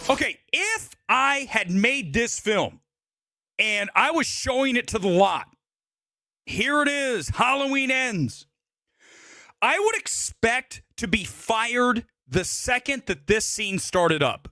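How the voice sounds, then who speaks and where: A man's voice: very high voice, expressive, slow pace, sharp tone, no echo, clean studio sound. A man hosting a live movie show, delivering an angry, profanity-laced rant at a producer. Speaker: movie podcast host. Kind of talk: live-streamed film rant.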